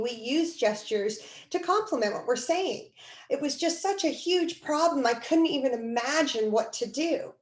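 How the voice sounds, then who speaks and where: A woman instructor giving a recorded video lecture, lively and expressive, acting out quoted speech as she explains. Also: a little high, reverberant, rough recording.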